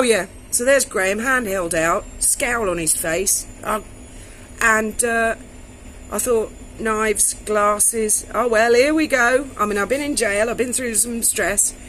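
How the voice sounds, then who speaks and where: A middle-aged woman tells a story to her camera in a blunt, salty way, with swearing mixed in. Her voice sits at an ordinary pitch for a woman. A faint hiss of noise runs under the recording. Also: unhurried, a bit bright, poor audio. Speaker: vlogger.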